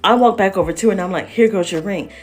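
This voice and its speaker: A woman telling a story in a lively, slangy way, with laughing asides. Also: medium pitch, fast. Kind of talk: animated storytelling.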